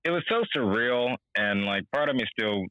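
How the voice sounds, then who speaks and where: A young man, a voice actor guest on an interview podcast, talking in an animated way and slipping into character voices. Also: mid-range voice, moderate pace, clean tone, no room sound, poor audio. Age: young adult. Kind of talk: casual interview.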